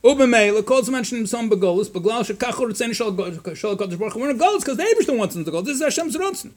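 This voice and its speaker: A man, a rabbi teaching a Torah class, talking in an animated way, mixing in Hebrew and Yiddish quotes and voicing objections with sarcasm. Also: very high voice, racing.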